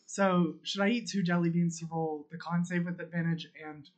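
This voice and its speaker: Chatty, laughing tabletop player; mid-pitched, casual. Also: steady tone, moderate pace. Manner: giggly, narrates actions and asks rules questions.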